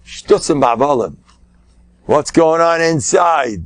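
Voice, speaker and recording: An older man, a rabbi, giving a Torah lecture as an animated storyteller, sprinkling in Yiddish words and shouting his punchlines. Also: medium pitch, normal speed, gravelly, no room sound. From United States.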